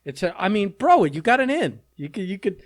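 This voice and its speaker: A man's voice: sits high, sing-song, a little fast, no echo, studio quality. A man co-hosting a podcast, chatting casually with blunt, profane jokes. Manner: blunt, profane, joking advice. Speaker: podcast co-host.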